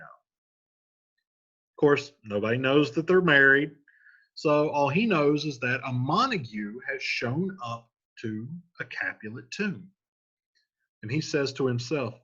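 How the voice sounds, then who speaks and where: Husky-voiced man explaining a play. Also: medium pitch, fairly bright tone, muffled recording. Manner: casual, retelling in everyday slang. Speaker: teacher.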